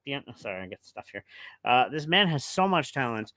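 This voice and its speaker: Guy streaming wrestling talk, bright forceful voice, kinda rambly and emotional, dry close mic. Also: mid-range voice, sing-song, normal speed, dry recording. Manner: emotional, rambling, many restarts. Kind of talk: casual live-stream commentary.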